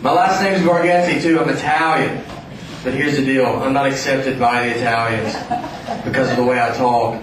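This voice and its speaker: Southern guy from tennessee doing deadpan standup, far off mic, super echoey with loud room noise. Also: medium pitch, moderate pace. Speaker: stand-up comedian. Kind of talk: stand-up routine. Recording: very echoey, distant live venue with loud ambience.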